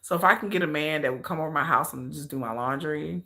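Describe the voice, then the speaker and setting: A woman hosting a livestream in casual chat, animated and slangy, often laughing as she talks. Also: low voice, quick pace. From United States. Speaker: livestream host.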